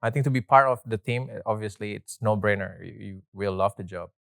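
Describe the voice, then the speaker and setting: A man's voice: fairly low pitch, brisk, creaky, fairly bright tone, no room sound, clean studio sound. A man who works as a personal trainer and new wedding celebrant, speaking hesitantly on a podcast in simple non-native phrasing with many ums. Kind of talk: casual podcast chat.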